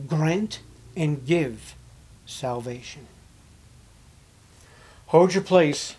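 A male pastor delivers a sermon with dramatic swings in volume, reading scripture loudly, then dropping to hushed, emphatic asides. He speaks slowly and deliberately, his voice sitting a little high for a man.

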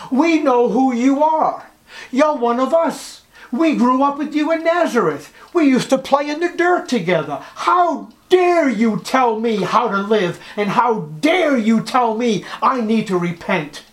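An indignant villager sneers and scoffs, mocking in a high, strained register, as a man puts him on in a sermon. The voice is scornful and affronted throughout. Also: expressive, unhurried, reverberant. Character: indignant male villager scoffing at a hometown preacher.

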